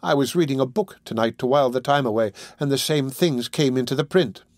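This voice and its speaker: A man's voice: mid-range voice, brisk, darkish tone, no echo, studio quality, lightly acted. A man reading the lines of a frightened young woman in a storybook, urgent and pleading.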